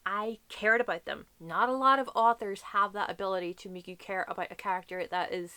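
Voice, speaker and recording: A woman's voice: mid-range voice, a little fast, sharp tone, smooth, no room sound. A woman reviewing the books she read this month in a casual, effusive chat, swearing now and then. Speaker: book reviewer. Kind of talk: casual monthly book wrap-up.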